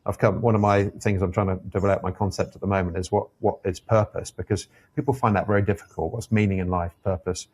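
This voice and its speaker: Deep-voiced airline captain, thoughtful and measured. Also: male voice, steady tone, darkish tone, slightly rough. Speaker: airline captain and podcast guest. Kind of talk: reflective conversational interview.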